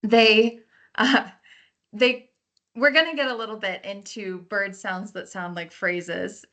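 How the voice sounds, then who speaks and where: A park naturalist lectures on birding by ear, her medium-pitched voice expressive, bright, and forceful at a normal speed. She explains how to learn birds by their sounds in a friendly way, now and then imitating calls.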